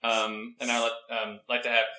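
A man playing a tabletop game, speaking hesitantly with many pauses and fillers. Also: mid-range voice, monotone, pushed and bright, roomy sound. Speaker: player. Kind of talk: casual tabletop play.

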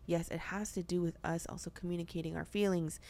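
A woman's voice: lowish voice, steady tone, fast, warm tone. A young woman hosting a podcast, talking earnestly about faith in a chatty way, full of filler words. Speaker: podcast host. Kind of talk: casual faith discussion.

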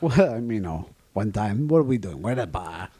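A man's voice: on the low side, sing-song, fairly quick, warm tone, slightly rough, no room sound. A man playing a brash, crude middle-aged male wiseguy who brags and swears as he talks. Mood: boastful. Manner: swaggering, boastful, profane, keeps saying "you know what I'm talking about". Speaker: podcast co-host playing a guest. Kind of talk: improvised comedy character.

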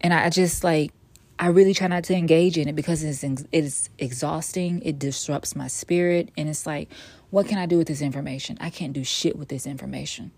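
A woman hosting her own podcast in a casual solo monologue, blunt and profane, swinging from weary sighs to sassy loud outbursts. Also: deep voice, steady tone, brisk, no echo. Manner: blunt, profane and emphatic, with sudden loud bursts. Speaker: podcast host.

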